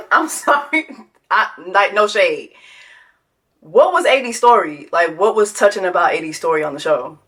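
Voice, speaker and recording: A woman's voice: mid-range voice, expressive, a little slow, a bit bright. A woman, giving a sassy, profane reality TV reaction commentary that mocks its subject and breaks into sung quacking. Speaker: commentary host.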